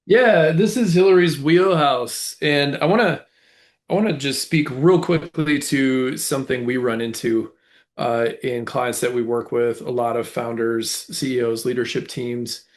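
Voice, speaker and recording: A man's voice: mid-range voice, unhurried. Easygoing male podcast host. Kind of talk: casual podcast interview.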